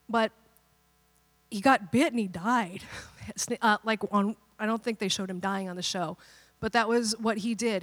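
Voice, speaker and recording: A woman pastor preaching a sermon in a playful, animated way, acting out quotes and joking with the congregation. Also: medium pitch.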